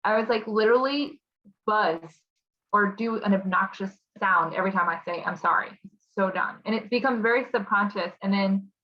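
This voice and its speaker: A woman's voice: mid-range voice, normal speed, dull audio. A woman co-hosting a group call, chatting in a bubbly, self-mocking way. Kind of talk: casual chat.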